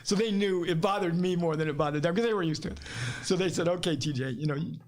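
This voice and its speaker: A man's voice: high-pitched, fast. A middle-aged man with an Ohio accent telling stories as a podcast guest, laughing often and acting out quotes. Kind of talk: casual storytelling.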